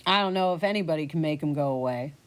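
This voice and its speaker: A woman's voice: low voice, fast talker, pitched below the performer's own voice, lightly acted. A woman voicing a doubtful young male inn worker who fled the ghosts. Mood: skeptical. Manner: doubtful, offhand.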